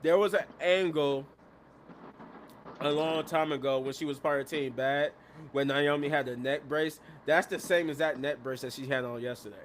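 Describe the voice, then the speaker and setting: Man, live show host, casual recap, animated storytelling, somewhat high-pitched. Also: moderate pace, slight background noise. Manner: animated retelling, acting out quotes.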